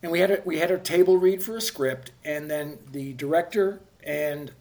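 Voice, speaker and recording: A man in his sixties spins a casual backstage anecdote as a podcast guest. His voice sits a bit high for a man and carries a gravelly fry. He rambles, corrects himself mid-sentence and swears freely. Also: moderate pace, darkish tone.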